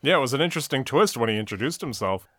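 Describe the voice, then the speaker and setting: A man's voice: medium pitch, expressive, rapid-fire, a bit bright, slightly rough, no echo, clean studio sound. A man co-hosting a casual talk show, recapping a TV episode scene by scene in long run-on sentences. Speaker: podcast co-host recapping a TV episode.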